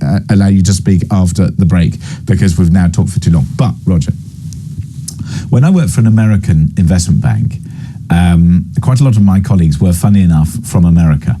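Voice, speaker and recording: A man's voice: sits low, a little fast, mellow, breathy edge. A man hosting a breakfast talk show in a chatty, bantering, digressive way. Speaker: radio and TV talk show host.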